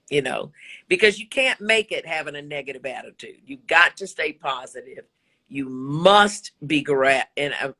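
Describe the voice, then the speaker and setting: In a low, sharp voice, a woman in her sixties who works as a broadcaster and voice actor speaks candidly and with emphasis during an interview. She preaches motivation and swears freely.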